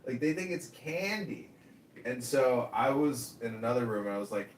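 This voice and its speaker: A man hosts a rambling live chat, crude and mocking in his talk. His mid-pitched voice sounds roomy and a bit distant from the mic, with faint noise behind it. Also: lively intonation, moderate pace. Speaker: host, mayoral candidate.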